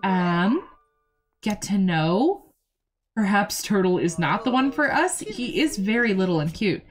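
A woman's voice: medium pitch, measured pace, faint music behind. Chatty young woman streamer. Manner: chatty, excitable, swears freely, talks to chat and game characters. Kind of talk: casual gameplay commentary.

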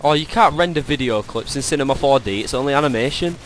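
A man's voice: medium pitch, fast, a little hiss or hum. A teenage English boy chatting and swearing casually with a friend while playing a game. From England. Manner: swearing, laughing banter. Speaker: gamer. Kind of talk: casual gaming chat.

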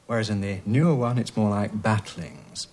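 A man, an expert on British accents, explaining speech changes in a measured way while demonstrating vowel sounds. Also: lowish voice, darkish tone, slight background noise. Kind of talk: explanatory interview talk.

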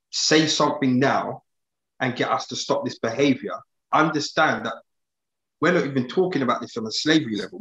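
A man co-hosting a live chat show, telling stories in a relaxed way and chuckling through them. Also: mid-range voice, reverberant. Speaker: co-host of a live discussion stream. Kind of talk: casual chat. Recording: dull lo-fi mic sound.

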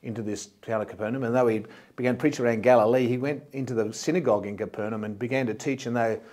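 A man's voice: medium pitch, steady tone, fast talker, a little mellow. A man from Australia, a pastor, preaching a sermon in a plain, explanatory way and often repeating words as he goes.

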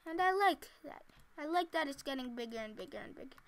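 A woman with a high, bright, expressive voice talks fast as she plays a building game. She's chatty and giggly, casually talking to herself in a let's-play commentary.

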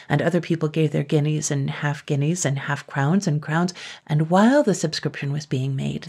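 Low gravelly woman reading a bedtime story aloud, kinda husky. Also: mellow. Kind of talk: scripted narration.

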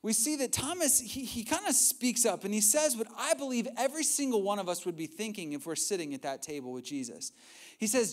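A young male pastor delivers a sermon in a notably high voice. He tells the story in a lively, conversational way, with asides and acted-out quotes. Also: brisk.

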